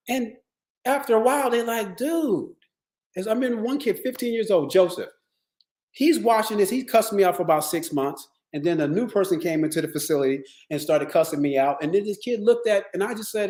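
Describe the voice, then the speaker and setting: A man with a fairly high voice gives a motivational wellness talk. He tells stories in an animated, streetwise way, with plenty of swearing. His voice rings around a roomy, echoey space. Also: fairly quick. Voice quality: streetwise, profane, animated storytelling. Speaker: wellness speaker. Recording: echoey room.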